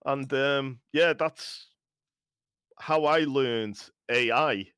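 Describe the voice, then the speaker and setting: A man's voice: medium pitch, very slow, a bit bright, clear, resonant tone. A man with a light Scouse accent chats casually on a live stream. He rambles and laughs often. His voice sounds dry and close, with no room echo. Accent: slight Scouse. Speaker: guest game maker.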